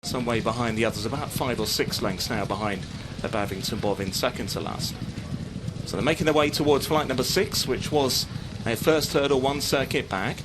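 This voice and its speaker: A man calls a horse race live, keeping a steady flow of commentary. His voice sits at an ordinary middle pitch for a man. Clear outdoor and vehicle noise runs underneath the recording. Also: moderate pace. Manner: steady running call of the field.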